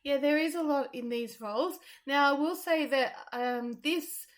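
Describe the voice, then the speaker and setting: A woman's voice: high voice, unhurried. A woman, a theatre reviewer, giving her views in a casual chat, thoughtful and hesitant with frequent ums.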